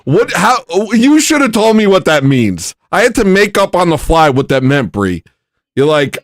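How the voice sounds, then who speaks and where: Exasperated man with a lively voice. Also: high-pitched, moderate pace, no echo, studio quality. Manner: exasperated, incredulous, mock-outraged. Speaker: livestream host. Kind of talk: casual livestream chat with viewers.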